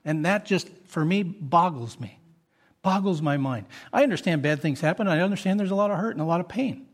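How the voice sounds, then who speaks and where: Man preaching, pastor, earnest, rhetorical questions, slightly higher voice. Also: lively intonation, a little fast. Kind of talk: sermon.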